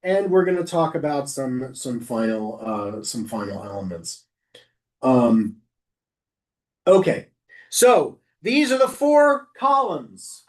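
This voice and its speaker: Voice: mid-range voice, sing-song, slow pace. Conversational rabbi teaching a class. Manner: conversational, with frequent self-corrections and asides. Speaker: rabbi teaching lay service leaders. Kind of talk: instructional class talk.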